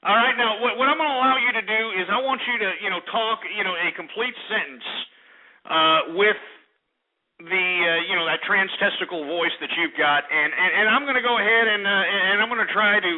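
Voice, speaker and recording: A man's voice: high-pitched, fairly quick. A man hosting a call-in radio show, brash and profane, berating callers with insults. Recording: tinny phone-like radio audio.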